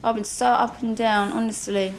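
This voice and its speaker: A woman crying through emotional candid chat at home, speaking softly to her children. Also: fairly high pitch, level tone, normal speed. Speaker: reality show star. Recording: noisy home recording.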